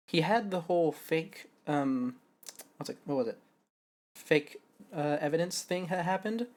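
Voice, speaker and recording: A young man streaming a game live, musing to himself and correcting himself as he works out character voices. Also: fairly high pitch. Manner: musing, self-correcting, thinking aloud.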